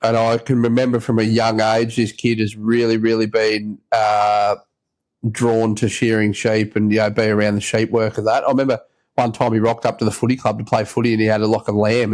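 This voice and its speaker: A podcast host with an Australian accent and a lowish, slightly mellow voice rambles through a chatty, casual story. He acts out the quoted voices of the people involved.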